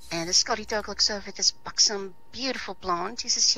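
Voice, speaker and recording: A woman who works as a DJ telling a joke on stage in a casual, halting way. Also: medium pitch, sharp tone, rough recording. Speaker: amateur comedian, DJ.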